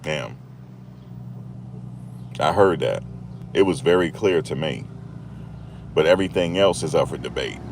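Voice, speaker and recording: A man's voice: rumbling low, expressive, unhurried, pauses often, background noise. A man hosting a casual commentary monologue, chatty and repetitive, laughing at the story he tells. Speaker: YouTube commentary host.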